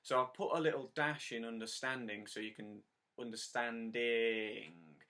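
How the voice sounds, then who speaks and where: Bright-voiced man teaching harmonica. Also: medium pitch. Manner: counts in and sings lines slowly; encouraging, patient. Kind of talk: step-by-step music lesson.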